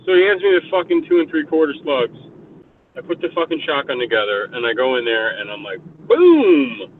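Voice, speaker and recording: A man's voice: medium pitch, steady tone, fast talker. A man telling a rambling story in casual chat, swearing constantly. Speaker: voice chat participant. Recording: tinny phone-like voice chat, faint hiss.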